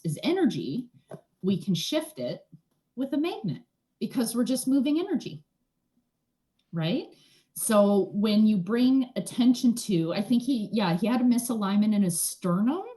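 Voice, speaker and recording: A woman speaking as a guest in an interview, explaining things in a chatty, casual way and often checking in with "right?". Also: medium pitch. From Canada. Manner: chatty, often tags "right?", animated asides. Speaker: energy healer, guest.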